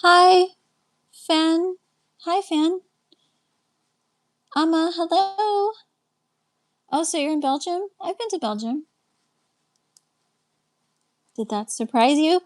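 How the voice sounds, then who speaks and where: Speaking very slowly with frequent pauses, this Texan woman has an extremely high-pitched voice. She's a life coach hosting a laid-back live stream on her webcam, working through viewers' comments and greetings one by one while winding down, a bit tired.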